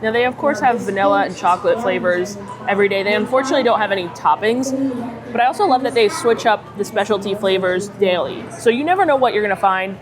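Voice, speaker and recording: A woman hosts a casual food vlog, chatting upbeat as she reviews dishes in a mid-range voice at a fast pace. Crowd chatter from the cruise ship fills the background.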